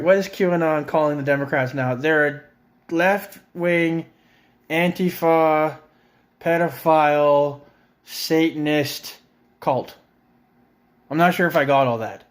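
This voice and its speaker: A middle-aged Canadian man, a vlogger, delivers a profane comedic rant at a friend's house, swearing heavily and sounding exasperated and sarcastic. His voice sits on the high side, and he talks at a normal speed.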